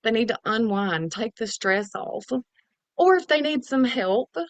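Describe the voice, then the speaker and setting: A woman's voice: on the high side, animated, unhurried, no room sound. A woman giving a chatty, casual product overview as a wellness promoter. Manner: chatty, salesy, casual slang.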